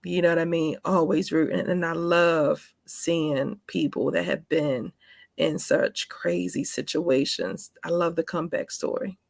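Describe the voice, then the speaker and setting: A woman's voice: sits low, fairly even intonation, a little slow, creaky, no room sound, studio quality. A woman in her forties telling a personal story in a casual vlog, chatty and emphatic, calling her viewers honey and baby. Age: 40s. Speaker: vlogger.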